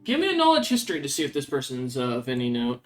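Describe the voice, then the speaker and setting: A man's voice: medium pitch, wildly swooping pitch, quick pace, faint music behind. A man narrating a tabletop game as game master, talking in a rambling way full of ums and uhs.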